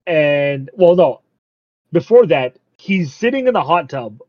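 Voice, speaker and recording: A man casually recapping a show, laughing often and acting out the characters' lines in quick asides. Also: a little high, big pitch swings. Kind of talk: casual chat recapping an anime. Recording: dull lo-fi dry recording.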